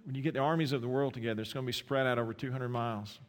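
A man with an Eastern North Carolina accent preaching a sermon, impassioned, with repeated restarts and dramatic pauses. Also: mid-range voice, steady tone. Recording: long hall reverb.

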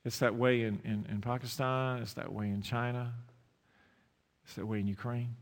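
Male pastor, sermon delivery with lively storytelling and prayer, voice in a big reverberant hall. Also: medium pitch, moderate pace. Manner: storytelling, rising to animated emphasis.

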